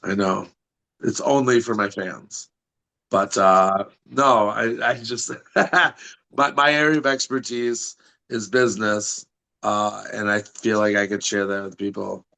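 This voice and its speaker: A man's voice: fairly low pitch, fairly even intonation, slow, vocal fry, pushed and bright, rough recording. A man chatting as a podcast guest, brash and swearing, talking up his wrestling events while losing his voice. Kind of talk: casual chat.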